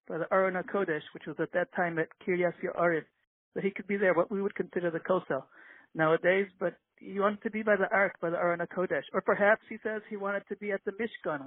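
A man's voice: sits high, husky, no room sound. A rabbi giving an earnest inspirational talk and telling stories, explaining as he goes. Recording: tinny dry phone line.

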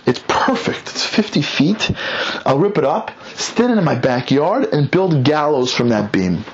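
A man's voice: on the high side, sing-song, measured pace, muffled recording, a little hiss or hum. A man voicing a scheming, boastful male villain who talks in a smug, gloating way. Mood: gleeful.

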